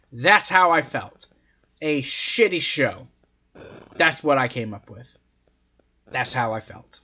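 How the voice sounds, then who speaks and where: A man reviews a wrestling show in a casual, profanity-laced rant, his voice sharp and bright. His pitch swings widely as he vents, and the recording has a dull, lo-fi quality. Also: animated, slow, long pauses, husky.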